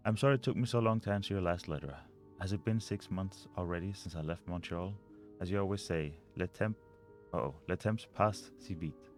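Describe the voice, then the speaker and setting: A man's voice: deep voice, a little mellow. A man playing a mystery video game, reading notes and letters aloud and muttering over the puzzles. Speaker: let's play gamer.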